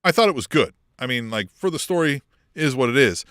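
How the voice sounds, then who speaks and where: Animated profane man on a wrestling podcast. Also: mid-range voice, brisk, no room sound, clean studio sound. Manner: profane, animated, laughs often. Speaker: podcast co-host. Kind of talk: casual wrestling chat.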